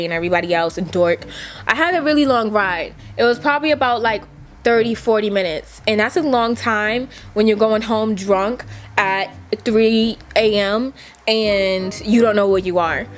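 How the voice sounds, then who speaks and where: A young woman vlogger telling a casual story, chatty and profane, full of "like" and acted-out quotes. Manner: chatty, profane, fillers like "like" everywhere; acts out quotes with big jumps in pitch.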